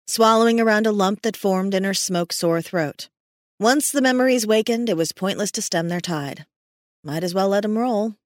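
A woman narrating an audiobook in a steady, measured storytelling manner. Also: medium pitch, dry recording, studio quality.

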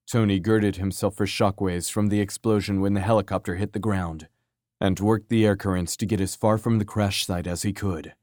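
A man narrating an action story from a script in a steady, measured way. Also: fairly low pitch, no room sound, studio quality. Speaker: audiobook narrator.

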